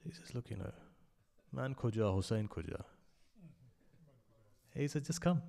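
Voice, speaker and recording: A man giving an impassioned sermon at a memorial gathering, telling a story and swinging between loud emphasis and hushed asides. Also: mid-range voice, expressive, measured pace, vocal fry. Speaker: speaker at a memorial majlis.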